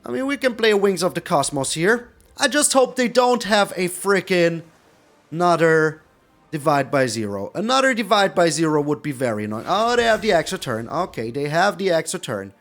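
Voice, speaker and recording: High, lively male game streamer. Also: normal speed, faint music behind. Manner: animated, repeats phrases, frequent mild swearing. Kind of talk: live gameplay commentary.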